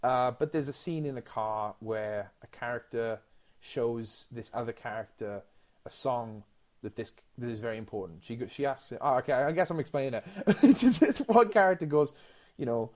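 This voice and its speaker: A man co-hosting a casual podcast chat, animated and excitable, stumbling over restarts as he retells movie scenes. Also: mid-range voice, moderate pace. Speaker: podcast co-host.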